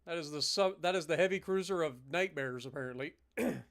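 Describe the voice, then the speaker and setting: A casual young man thinks aloud as he plays a naval strategy game for a live stream. His throat is slightly rough, so he keeps clearing it between lines. His voice sits a little above the usual pitch for a man, and he lets the odd curse slip in. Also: a little fast, fairly bright tone.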